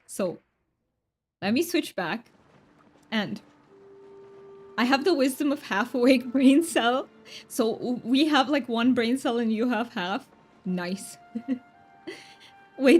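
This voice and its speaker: A woman with a slightly Americanized Romanian accent, chatting casually and laughing often while streaming a game. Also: a little high. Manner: giggly, chatty, quick restarts while reading chat. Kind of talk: casual gameplay chat with viewers.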